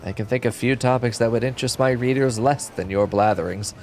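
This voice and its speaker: A man's voice: mid-range voice, brisk, darkish tone, faint music behind, lightly acted. A man voicing a scornful female reporter in a dry, dismissive tone.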